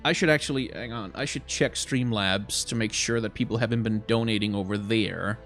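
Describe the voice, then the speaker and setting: A young man from Denmark with a faint Danish accent, chatting casually on a live stream and reading out donations, excitable and swearing freely. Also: lowish voice, brisk, soft background music.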